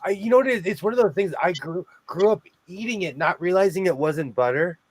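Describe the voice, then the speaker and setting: A man's voice: sits high, expressive, fast talker, slightly rough, no echo. A man hosting a casual sewing chat, jokey and chatty, laughing often. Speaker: host of a sewing chat show.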